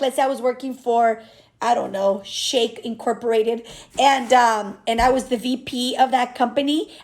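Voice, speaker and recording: Woman, high voice, candid rambling vlog talk, thirties, business owner. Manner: candid, rambling, animated, many restarts. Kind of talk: emotional personal vlog talk.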